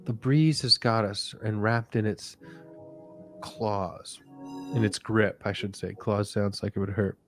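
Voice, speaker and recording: A male comedian hosting a live show, rambling through a mock guided relaxation in a soft, drifting voice. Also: on the low side, fairly even intonation, measured pace, over music. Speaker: comedian and podcast host.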